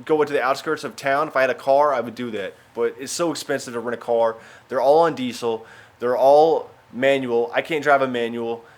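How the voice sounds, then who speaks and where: Man in his 40s from Arkansas, comedian vlogging, rapid animated and profane delivery, noisy background. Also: mid-range voice. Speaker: stand-up comedian. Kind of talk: casual travel vlog.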